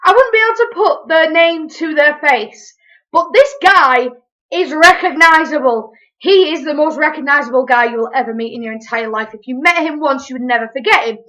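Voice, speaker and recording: A young woman telling a story to camera in a chatty, animated way. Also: sits high, poor audio. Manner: animated, chatty, quick asides. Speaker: vlogger. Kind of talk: casual storytelling.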